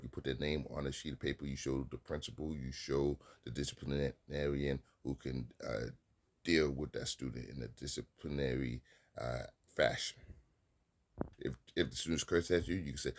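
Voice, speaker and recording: A man's voice: a bass voice, steady tone, normal speed. A man speaking casually as an experienced teacher, giving plain-spoken advice and repeating his points, with sometimes stern commands.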